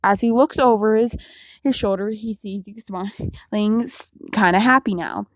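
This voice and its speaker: A woman's voice: medium pitch, a little slow, no room sound. A woman narrating an unscripted self-insert story in a casual, rambling way, with fillers and restarts.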